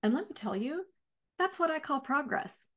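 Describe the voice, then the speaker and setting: A middle-aged woman therapist speaking candidly in a reflective talk, lively and acting out her own inner voices. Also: sits high, normal speed.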